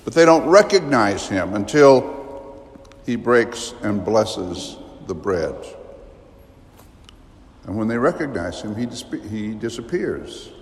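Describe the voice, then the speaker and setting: Slow, emphatic preaching man in echoing church. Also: on the low side, very animated. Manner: slow, emphatic, vivid storytelling with sudden rises. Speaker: priest. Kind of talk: sermon. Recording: long reverb of a large church.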